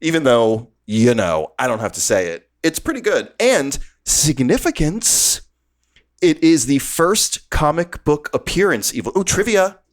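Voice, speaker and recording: A man's voice: fairly high pitch, very animated. Playful giggly male podcast host. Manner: playful, giggly, quick banter. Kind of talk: casual comedy chat.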